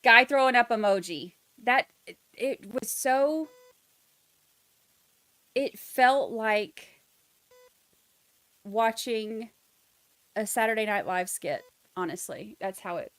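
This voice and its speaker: A young Southern woman hosts a casual livestream, rambling through her thoughts and reading out viewer comments. Her voice sits fairly high and comes across dry and close, with no room echo at all. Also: slow, pauses often, fairly bright tone. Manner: chatty, reads viewer comments aloud, rambling. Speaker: livestream host.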